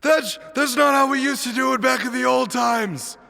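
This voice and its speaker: A man's voice: very high-pitched, normal speed, creaky, bright, forceful tone, big-room sound, soft background music, pitched above the performer's own voice, full character voice. A man voicing a grumpy old male avocado grandfather who grumbles about the old days. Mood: grumbling. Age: older. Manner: crotchety old-timer grumbling.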